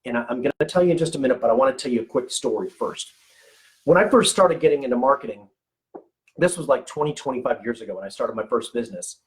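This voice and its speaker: A man in his forties talks straight to his listeners in a loose, motivational way. His voice sits at a middle pitch, and he repeats words and keeps asking "okay?" as he goes. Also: expressive, fast, low-quality recording. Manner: conversational, repeats words, frequent "okay?" check-ins. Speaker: motivational business coach for medical practice owners. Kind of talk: casual motivational talk to camera.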